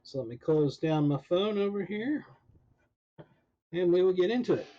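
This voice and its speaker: A man's voice: high-pitched, animated, moderate pace, highs cut off, a little hiss or hum. A man live-streaming an online role-playing game, chatting casually and muttering as he troubleshoots his audio, his voice cracking now and then. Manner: muttering, troubleshooting aloud, mildly exasperated.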